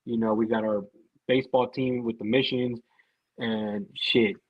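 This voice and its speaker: A man's voice: mid-range voice, fairly even intonation, unhurried, breathy edge, dry recording, lo-fi sound. A man guesting on a casual podcast, rambling, swearing and repeating himself as he talks.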